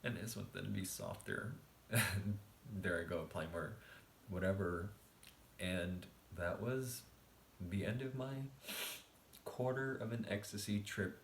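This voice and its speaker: A man quietly telling a casual storytime vlog late at night at home, keeping his voice down and laughing often. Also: sits low, echoey room, a little hiss or hum. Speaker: vlogger.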